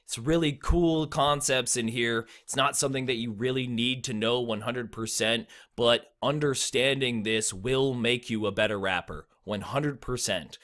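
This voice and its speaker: Young guy explaining rap stuff, bright tense voice, laid back, says um a lot. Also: medium pitch, measured pace, few pauses. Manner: laid-back, enthusiastic, blunt, frequent ums. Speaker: rap teacher. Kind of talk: casual explainer video.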